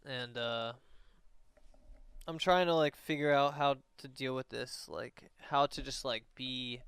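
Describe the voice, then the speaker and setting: A man's voice: medium pitch, slow pace, fairly bright tone, clear, resonant tone, no echo. A young man on a casual livestream, talking in a rambling, profane way with lots of fillers.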